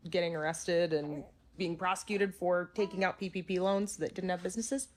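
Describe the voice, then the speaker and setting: A woman's voice: on the low side, slight background noise. A woman attorney giving blunt advice to camera in a dry way.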